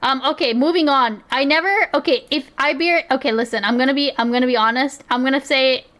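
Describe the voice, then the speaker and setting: A woman with a South Asian accent chats casually on a livestream. Her voice sits high, and she rambles, swears and laughs often as she reacts. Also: fairly quick, a bit bright. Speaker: streamer.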